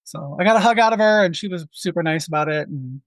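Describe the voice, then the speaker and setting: A man's voice: fairly high pitch, quick pace, no echo. A man in his forties, a podcast co-host, telling a long rambling anecdote in casual chat full of asides.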